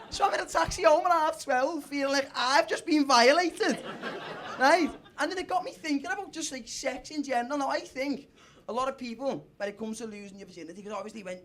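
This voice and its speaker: Scouse comic spinning a crude story. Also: male voice, very high voice, a bit bright, slight background noise. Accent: Liverpool. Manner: crude, self-mocking, laughing through his lines. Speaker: stand-up comedian. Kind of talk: stand-up storytelling. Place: comedy club stage. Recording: live club with crowd.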